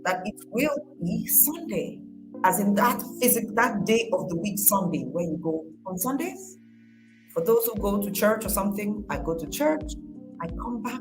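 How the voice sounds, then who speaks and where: A woman's voice: mid-range voice, rough recording. Woman giving a casual pep talk over music. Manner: conversational, repeats phrases, acts out quoted voices. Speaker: motivational speaker.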